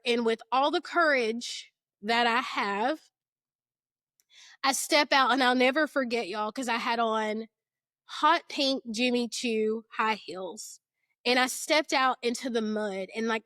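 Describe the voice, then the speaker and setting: High-voiced woman telling a personal story. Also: slow, fairly bright tone, dry recording, studio quality. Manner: earnest, emotional retelling with casual fillers.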